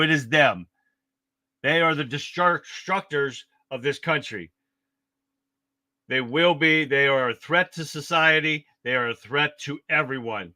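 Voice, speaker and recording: A man's voice: mid-range voice, sharp tone, dry recording. A man hosting a casual political livestream, fired up and rambling, swearing freely as he talks. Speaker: livestream host.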